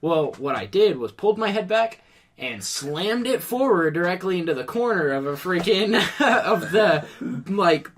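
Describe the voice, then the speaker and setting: A man's voice: high voice, very animated, measured pace, a little hiss or hum. A man, a podcast guest, telling a casual story in a rambling way with plenty of swearing.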